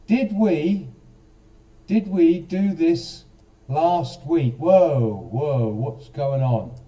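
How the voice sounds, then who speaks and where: A man's voice: fairly high pitch, drawn-out words, mellow, far from the mic. A man hosting a casual live stream, chatting straight to viewers and quizzing them, with a self-mocking manner.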